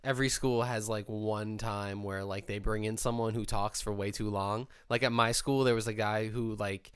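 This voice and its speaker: A man's voice: fairly low pitch, fairly even intonation, moderate pace, clean tone, no room sound. A man in his twenties from Queens, New York, co-hosting a podcast with laid-back, profane banter. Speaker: podcast co-host. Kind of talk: casual podcast chat.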